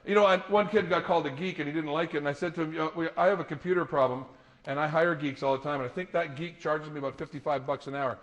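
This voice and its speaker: A middle-aged man giving a lively talk to an audience, storytelling with laughter. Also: fairly high pitch, fast talker, dull audio. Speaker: motivational speaker.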